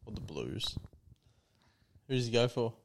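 A man's voice: mid-range voice, big pitch swings, measured pace, gravelly, slight background noise. A young New man co-hosting a podcast, laid-back with short replies, steering the casual chat. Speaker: podcast co-host.

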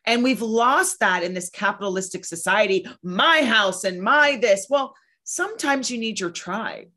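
A podcast host in her thirties speaks in a mid-range, sharp-toned voice with lively intonation at normal speed. Talking earnestly and emphatically in a casual chat as a guest speaker, she sometimes acts out other people's voices.

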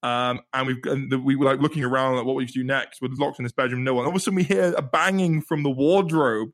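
A young man, a podcast host, telling a story in casual chat, animated, swearing and stumbling over repeated words. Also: medium pitch, quick pace.

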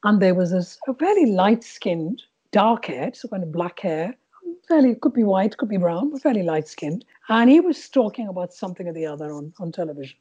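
A middle-aged woman from India with a Bengali-influenced English accent, telling stories as a podcast guest in an animated way, laughing at times. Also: medium pitch, a little fast, husky, dull audio. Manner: animated, laughing, with frequent restarts. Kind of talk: reflective storytelling.

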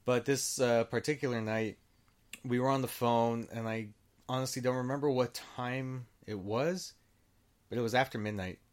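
A man telling a story in an easygoing, unscripted way, with a voice of ordinary pitch for a man. He wanders, restarts his sentences and swears freely. He acts out the back-and-forth of what people said in little quoted bits. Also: steady tone, normal speed. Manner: rambling, with frequent restarts. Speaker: storyteller guest. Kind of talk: casual storytelling.

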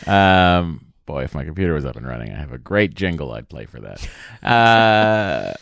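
A man with an extremely deep, gravelly voice hosts a casual podcast chat, teasing and joking as he rambles. His voice is lively in pitch, and the sound is dry and close. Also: normal speed, no echo. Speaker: podcast co-host.

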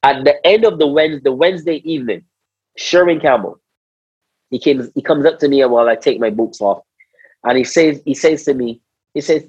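A man from Barbados with a Barbadian accent, a former cricketer telling stories in a casual conversation, animated, slangy and repeating his words. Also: medium pitch, a little fast, husky, no room sound, lo-fi sound. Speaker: interview guest, former cricketer.

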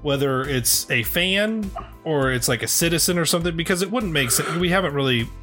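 A man's voice: fairly high pitch, expressive, fairly quick, sharp tone, faint music behind. A man co-hosting a podcast in casual chat, rambling with lots of fillers and restarts and swearing freely. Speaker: podcast co-host.

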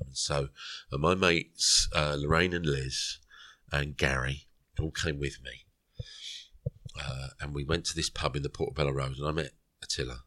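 A man's voice: extremely low pitch, steady tone, normal speed, pushed and bright, no room sound, clean studio sound. A middle-aged man, a podcast guest, tells a rambling story and acts out the quoted dialogue. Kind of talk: storytelling interview.

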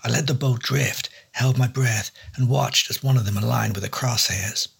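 A man reads a noir detective story in a dry, wry first-person voice. His voice is very husky and gravelly. His pitch sits in a middle range. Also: steady tone, normal speed, fairly bright tone. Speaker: storyteller and host. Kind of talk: hard-boiled noir audiobook narration.

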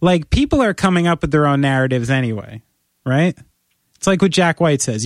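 A man co-hosting a podcast in casual chat, animated and playfully persuasive, talking in long run-on pitches. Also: fairly quick, dry recording, studio quality. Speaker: podcast co-host.

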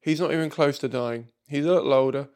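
A man's voice: medium pitch, fast talker, darkish tone. A man, chatting casually and reading online posts aloud, swearing freely and muttering hesitant asides. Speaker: streamer reading Reddit posts.

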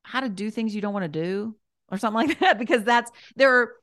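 Her voice sits on the high side and moves quickly as she gives life advice as a podcast guest in relaxed conversation. She's chatty, gentle and encouraging, sprinkling in "like" and "you know" and fixing her wording mid-sentence; the studio-quality audio has no echo.

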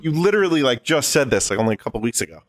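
A man's voice: medium pitch, sing-song, rapid-fire, no echo, clean studio sound. A man co-hosting a podcast in casual chat, blunt and swearing freely as he reacts. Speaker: podcast co-host.

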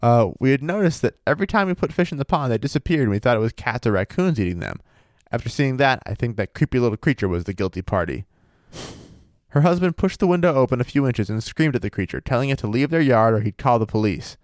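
A man co-hosts a relaxed podcast, reading out a spooky account and breaking off to joke and swear. His voice sits at an ordinary middle pitch. The recording is close and dry with no room sound. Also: fast, no room sound. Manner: laid-back, profane, laughs often. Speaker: podcast co-host reading a paranormal story. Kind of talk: casual chat with read-aloud passages.

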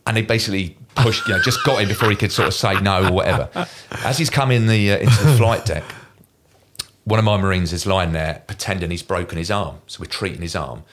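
Deep fast-talking ex-Marine. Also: male voice, slight background noise. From Kent, England. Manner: animated anecdote teller, mimics voices in quoted lines. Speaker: guest, former Royal Marine. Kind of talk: casual storytelling interview.

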